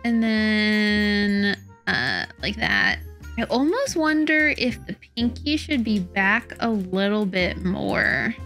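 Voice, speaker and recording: Bright, slow-talking young woman gamer. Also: medium pitch. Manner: chatty, self-doubting, laughing at her own build. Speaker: Minecraft build-battle player. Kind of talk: casual gameplay commentary.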